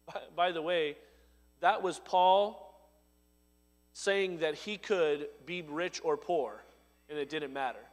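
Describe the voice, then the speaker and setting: A man preaching a sermon, his voice swelling to loud emphatic lines and dropping low and soft. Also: slow pace, long pauses, big-room sound. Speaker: pastor.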